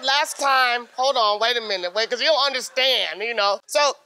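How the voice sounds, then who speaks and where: A woman's voice: high-pitched, bright, forceful tone. A woman telling her personal faith story in a candid, emotional way, acting out what she said and prayed back then. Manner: emotional, acts out her own past words, quick bursts. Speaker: guest, sister-in-law. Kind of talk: personal testimony.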